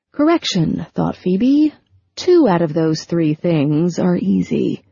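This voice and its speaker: A woman reading a novel aloud as audiobook narrator, in steady, even storytelling. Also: on the low side, takes it slowly, gravelly, breathy edge, dry recording. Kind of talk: scripted narration. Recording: dull lo-fi recording.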